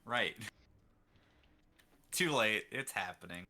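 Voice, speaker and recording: A man player chatting before a tabletop session, calm, soft-spoken and a little hesitant. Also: fairly low pitch, extremely slow. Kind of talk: casual chat.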